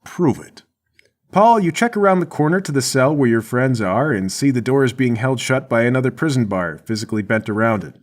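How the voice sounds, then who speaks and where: A man's voice: mid-range voice, expressive, fairly quick, hardly any pauses. Man narrating as game master.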